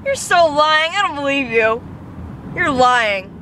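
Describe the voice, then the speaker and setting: A woman in casual chat, excitable and disbelieving, laughing easily. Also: sits high, slow, noisy background. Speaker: prank target.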